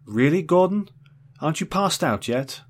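A man voicing a dry, sardonic male AI assistant on a space station, speaking in a deadpan, patient way. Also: a little high, normal speed, voice pushed up. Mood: exasperated.

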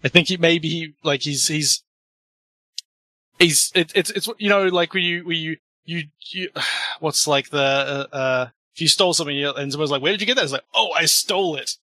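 Bright-voiced man telling a tale haltingly. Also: a little high, no room sound. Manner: halting, full of restarts and fillers. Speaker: tabletop game player. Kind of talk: in-character storytelling at a tabletop game.

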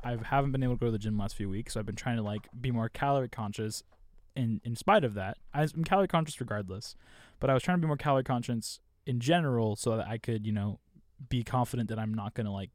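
A man's voice: medium pitch, fast talker, darkish tone, dry recording, studio quality. A man from Southern California co-hosting a podcast, explaining himself at length in a casual, defensive chat. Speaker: podcast co-host.

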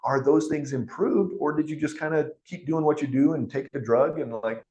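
A man's voice: on the high side, normal speed, warm tone. A man, a doctor guest on a podcast interview, explaining things conversationally and chuckling between his points. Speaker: functional medicine doctor, guest.

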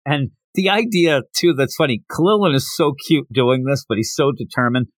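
A man hosting a podcast, recapping a comic in animated casual talk and acting out the lines. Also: medium pitch, moderate pace, dry recording. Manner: animated, acts out quotes. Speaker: podcast host.

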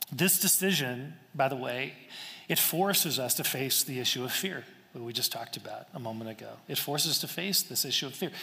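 Earnest pastor preaching in an echoing hall. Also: male voice, fairly high pitch, gravelly, sharp tone. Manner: earnest, conversational, with repeated phrases and restarts. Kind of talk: sermon. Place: church sanctuary. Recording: long echo of a large hall.

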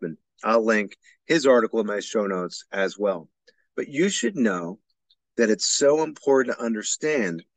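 A man's voice: lowish voice, no echo. A man hosting a solo podcast for educators, explaining ideas in an earnest, emphatic way. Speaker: podcast host.

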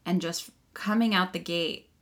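Sitting on the floor of a child's bedroom, a woman hosts a podcast in a casual chat, laughing often and swearing freely. Her voice is lowish and steady, and she speaks unhurriedly.

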